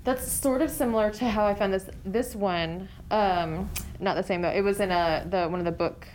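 A woman's voice: medium pitch, normal speed, a little mellow, low-quality recording. Woman co-host, casual and giggly, heavy on fillers, faint noise floor. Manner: chatty, giggly, lots of fillers. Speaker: podcast co-host. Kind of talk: casual book chat.

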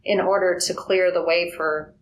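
A woman adding calm, brief remarks in a casual book chat. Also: fairly low pitch, moderate pace. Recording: roomy echo, faint background noise.

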